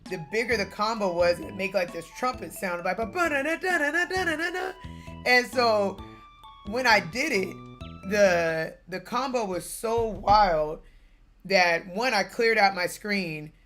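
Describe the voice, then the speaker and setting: A young woman streaming games, telling a family story in a casual, animated way with bursts of laughter. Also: mid-range voice, slow, faint music behind. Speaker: gaming streamer.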